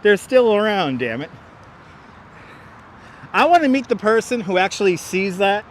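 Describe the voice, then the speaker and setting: A man's voice: sits high, very animated, unhurried, a little hiss or hum. A chatty man hosting a casual live stream and reading out viewer comments as he walks outdoors through city streets, with a clip-on mic. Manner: chatty, reads out viewer comments, laughs often. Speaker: livestream host. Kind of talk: casual live-stream chat while walking. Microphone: wireless clip-on mic.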